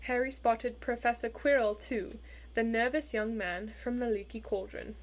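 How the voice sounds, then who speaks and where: A woman's voice: a little high, steady tone, normal speed. Woman reading a storybook aloud. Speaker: audiobook reader. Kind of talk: storybook narration.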